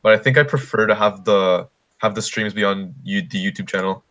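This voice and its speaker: A man's voice: lowish voice, brisk, fairly bright tone. A man chatting casually and thoughtfully on a live stream.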